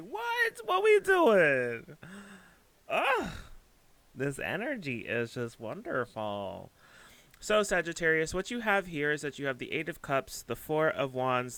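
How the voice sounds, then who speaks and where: A man with a bright, forward voice gives a casual tarot reading. He gushes and gets carried away, trailing off and circling back as he hunts for the right words. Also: medium pitch. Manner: effusive, gushing, excitable; rambling, searching for words. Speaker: tarot reader.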